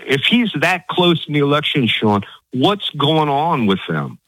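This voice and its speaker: A man's voice: on the high side, big pitch swings, measured pace, a bit bright, husky, no echo, poor audio. A man from Virginia with a Virginia accent, calling in to a radio show in a chatty, folksy way. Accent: Virginia, long O's. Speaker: caller.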